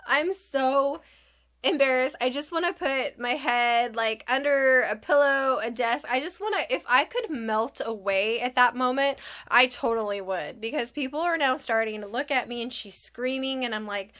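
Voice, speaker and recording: A woman's voice: fairly high pitch, slow pace, pushed and bright. A young woman and mother telling a funny story to her viewers in a casual way, acting out quotes and laughing often. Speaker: vlogger.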